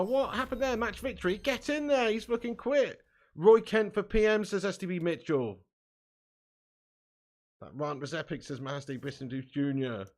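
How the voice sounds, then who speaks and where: A young British man streaming a football game live, ranting and swearing at length and laughing often between comments. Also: high-pitched. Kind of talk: casual live-stream rant.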